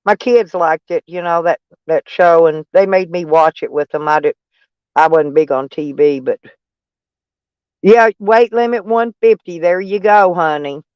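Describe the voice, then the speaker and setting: A woman's voice: on the low side, measured pace, smooth, no echo, highs cut off. A middle-aged woman chatting casually on a live stream, mocking and sarcastic toward trolls in her chat. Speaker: van life streamer.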